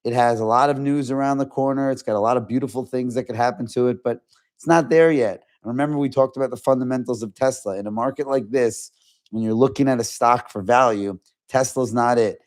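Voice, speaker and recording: A man hosting a casual stock trading livestream, talking in a fast conversational way with lots of fillers and restarts. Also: medium pitch, a little mellow. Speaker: stock market livestream host.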